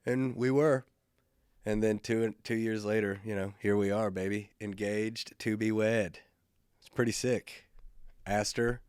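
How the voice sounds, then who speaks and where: A male comedian hosts his solo podcast with a fairly low voice, rambling loosely through stories. He swears casually and pokes fun at himself. The recording is close and dry. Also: fairly even intonation, a little slow, darkish tone, smooth, no room sound. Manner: laid-back, rambling, profane, self-mocking.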